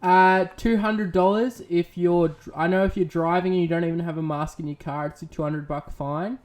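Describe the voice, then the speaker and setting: A man's voice: high-pitched, steady tone, normal speed. Man explaining things plainly. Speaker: podcast co-host. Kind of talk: casual podcast chat.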